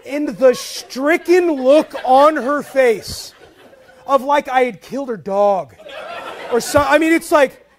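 A pastor, a man with a strikingly high voice, preaches a sermon in a loose, conversational way. He tells stories with humor and keeps restarting his thoughts. His volume swings from quiet asides to emphatic bursts. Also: slow. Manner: animated, swings between soft asides and loud emphatic bursts; conversational, with frequent "like" and repeated starts.

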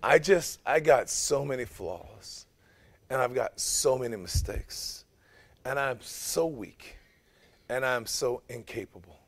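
A man playing a humbled, unsure man confessing his weakness to God in a hushed, halting voice. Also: mid-range voice, animated, creaky, pitched below the performer's own voice. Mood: humble, defeated.

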